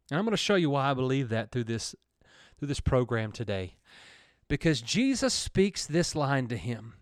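Male preacher, lively emphatic delivery, dry close recording. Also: a little high, no room sound. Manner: animated, building emphasis with repeated words. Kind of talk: sermon. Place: church or studio program.

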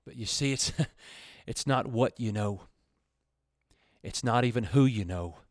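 A male pastor preaching a radio sermon, his voice swelling loud and high, then dropping low and quiet. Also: a little slow, no room sound, studio quality.

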